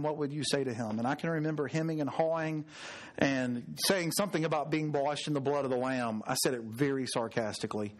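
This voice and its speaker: A middle-aged pastor delivers a sermon with earnest emphasis, his voice a little high for a man. He builds his points using repeated phrases and personal stories.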